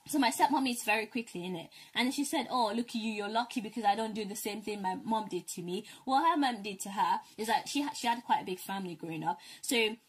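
A young woman raised in an African family, co-hosting a casual chat and telling animated stories, mimicking her parents' voices. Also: mid-range voice, quick pace, few pauses, slightly rough. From African family, raised in Britain. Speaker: co-host.

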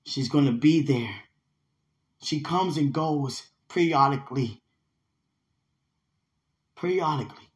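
A young woman speaking to her partner in an emotional, spiritual monologue. She sounds heartfelt and often tearful, and her voice swings between loud outbursts and hushed asides. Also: low voice, slow pace, long pauses.

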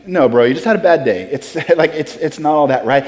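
A male pastor preaching a sermon, animated and swinging between hushed and shouted, calling on the room to say lines back with him. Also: fairly high pitch, fairly quick, long reverb tail. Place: church sanctuary.

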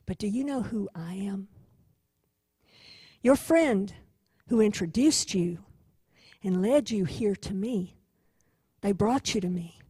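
A woman voicing a gentle male defense attorney who speaks as a savior, hushed and tender, often half-whispered. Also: high voice, no echo, voice pushed up.

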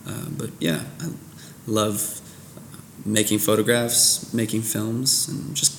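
A man's voice: lowish voice, monotone, takes it slowly, creaky, roomy sound, a little hiss or hum. A man, a photographer and filmmaker talking as a podcast guest in an easygoing, self-deprecating way. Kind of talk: casual interview chat.

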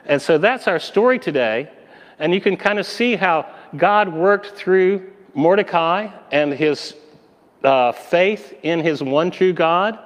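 A man telling a Bible story to children in a lively, animated way, with little voices for the characters. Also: fairly high pitch, long reverb tail.

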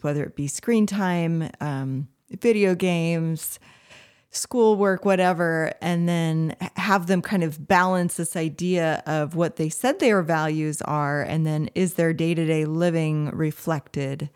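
Slow, low-voiced woman host. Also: darkish tone, smooth. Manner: measured, reflective, reads a quote aloud. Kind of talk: interview hosting.

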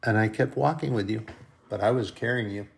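God, gentle fatherly reassurance, read by a man, gravelly tone, sermon storytelling. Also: lowish voice, fairly quick. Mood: tender. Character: God, a tender fatherly male voice.

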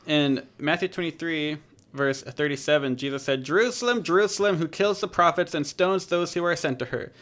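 A man's voice: fairly high pitch, brisk, a bit bright. A man hosting a podcast, discussing scripture in a conversational, joking way and correcting himself as he goes. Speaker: podcast host. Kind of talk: casual Bible discussion.

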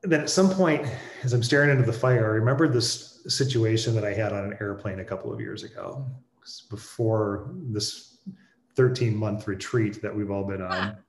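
Reflective man in a roomy space. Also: fairly low pitch. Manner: thoughtful, halting, with restarts and pauses. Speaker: guest sharing a personal experience. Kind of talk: reflective conversational storytelling. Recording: roomy echo.

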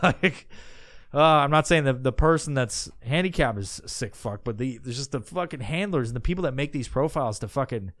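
A man's voice: mid-range voice, fairly bright tone, dry recording, clean studio sound. A man hosting a podcast, ranting crudely and heatedly, breaking into mocking impressions. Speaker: podcast host. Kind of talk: profane comedic rant.

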